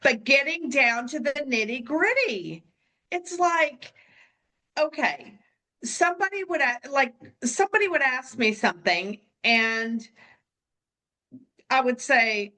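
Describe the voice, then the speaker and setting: Bright, lively, high-voiced woman. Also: takes it slowly, long pauses. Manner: blunt, animated, laughs often. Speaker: podcast co-host and coach. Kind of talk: casual podcast chat.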